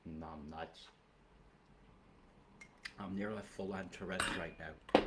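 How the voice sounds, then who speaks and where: A man's voice: low voice, fairly even intonation, slow pace, long pauses, very noisy. A man hosting a weather livestream who rambles into angry, profane, conspiratorial rants.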